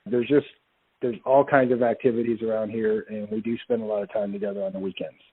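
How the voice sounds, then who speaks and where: A man's voice: on the low side, expressive, quick pace, vocal fry, breathy edge. A middle-aged man, a company president, talking casually about his family as an interview guest. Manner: warm, chatty storyteller with laughs. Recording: tinny phone-like line.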